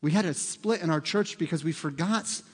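A man in his forties, a pastor preaching a sermon in a church, telling stories conversationally and getting loud and excited to make a point. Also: on the high side, moderate pace, husky. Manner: conversational storytelling, rising loud and excited for emphasis. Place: church sanctuary. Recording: long hall reverb.

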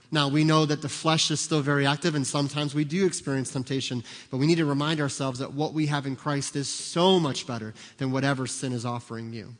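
A man preaching a sermon as a pastor, animated and acting out little scenes, sometimes shouting for emphasis. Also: fairly high pitch. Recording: long hall reverb.

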